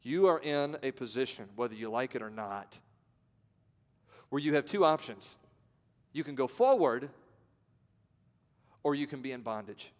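A man pastor preaching a sermon, swinging from loud to hushed and acting out voices. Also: medium pitch, lively intonation, unhurried, long pauses. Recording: long reverb of a large hall.

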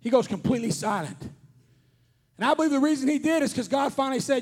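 A man with a strikingly high voice preaches to a conference audience. He talks earnestly, repeats himself, and rises to shouts to hammer home his points. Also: animated, brisk, breathy edge. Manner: earnest, repetitive, rising to shouts on key points. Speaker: traveling preacher. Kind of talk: sermon. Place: conference hall before an audience.

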